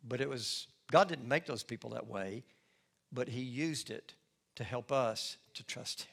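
A middle-aged man preaches from the pulpit, sharing his own testimony. He speaks in a folksy storytelling manner and pokes fun at himself. His voice sits at an ordinary pitch for a man. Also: unhurried, gravelly, a bit bright, husky. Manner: folksy storytelling with self-deprecating humor. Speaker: lead pastor. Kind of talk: sermon with personal testimony.

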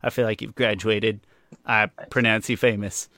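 A man's voice: fairly low pitch, level tone, moderate pace, bright, forceful tone, dry recording, studio quality. A man co-hosting a casual podcast, joking and playful as he talks. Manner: jokey, playful, laughs often. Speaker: podcast co-host. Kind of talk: casual chat.

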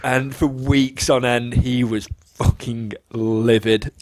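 A man tells a long story on a casual podcast and keeps jumping into the voices of the people in it. His voice sits at a middling pitch, and the sound is close and dry, with no room around it. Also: slow pace, no echo. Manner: animated, acts out quoted voices with big pitch jumps. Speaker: podcast co-host.

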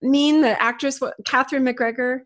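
A woman's voice: high voice, fairly even intonation, normal speed. A woman co-hosting a podcast, casually reading out listener questions. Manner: friendly, asks listener questions. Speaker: podcast co-host. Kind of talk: casual interview chat.

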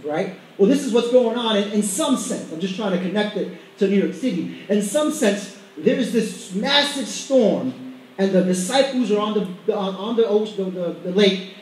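A man's voice: sits high, a little mellow. A man preaching a sermon, talking emphatically with stumbling restarts and asking the congregation to repeat lines after him. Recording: very echoey hall, mic far off.

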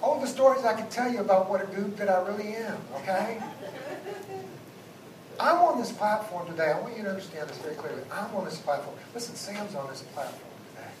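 A man, a guest pastor, preaching a sermon and moving between loud exhortation and hushed asides. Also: sits high, lively intonation, brisk, crowd noise. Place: church sanctuary. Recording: echoey church sound from a distance, background noise.

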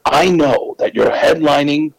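A man impersonating a smug, self-assured older male rock star with a slow, self-important drawl. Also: fairly high pitch, gravelly, dry recording, voice pushed up, low-quality recording. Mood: boastful.

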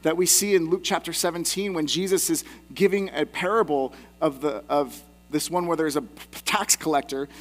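A man's voice: a little high, moderate pace, hardly any pauses, soft background music. A man in his thirties, a pastor preaching a sermon in a conversational, self-deprecating way with personal asides.

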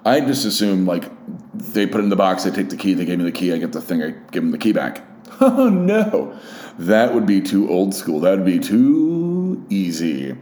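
A young man's low, darkish voice comes through animated and at normal speed as he hosts his casual solo podcast. He wanders, mocks himself, and curses freely, with a roomy echo around him.

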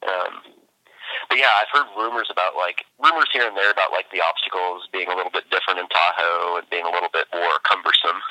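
Very low, bright-toned casual man. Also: fairly even intonation, quick pace, no echo, rough recording. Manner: easygoing, laughs often, trails off with fillers. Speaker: obstacle racer guest. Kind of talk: casual chat.

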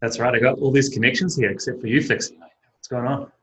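Young man with a New Zealand accent, casual podcast guest, rapid run-together delivery. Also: medium pitch, steady tone, a bit bright, low-quality recording. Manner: quick, runs words together. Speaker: guest teacher.

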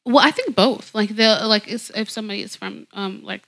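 A young woman from the American South in casual chat, animated and quick to laugh. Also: medium pitch, gravelly.

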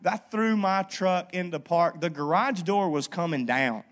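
Conversational preaching man, slightly high voice. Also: unhurried. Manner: conversational, lively storytelling with frequent "okay?" asides. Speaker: pastor. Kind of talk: sermon. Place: church.

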